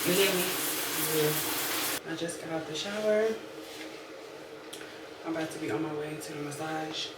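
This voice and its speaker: A woman's voice: low voice, fairly even intonation, unhurried, long pauses. A young woman vlogging casually, candid and blunt, swearing freely as she talks to her viewers. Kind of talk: casual vlog diary. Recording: background noise.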